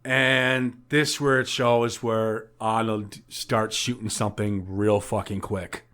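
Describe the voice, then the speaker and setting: A man's voice: lowish voice, level tone, slow, fairly bright tone. A man on a podcast recapping a film in casual chat, swearing often, laughing a lot and acting out the characters' lines. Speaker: podcast co-host.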